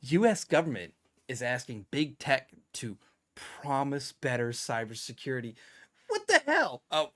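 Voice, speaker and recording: A man's voice: mid-range voice, wildly swooping pitch, a little slow, fairly bright tone. A man hosting a casual tech news podcast, sarcastic and laughing often as he comments. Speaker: podcast host.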